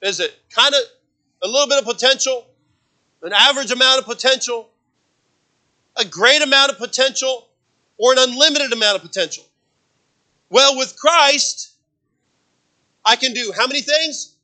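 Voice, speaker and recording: High bright-voiced preaching pastor. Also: male voice, normal speed, long pauses. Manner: preaching with dynamic swings from loud emphatic peaks to hushed low passages; repeats phrases for emphasis, asks the congregation for amens. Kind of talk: sermon.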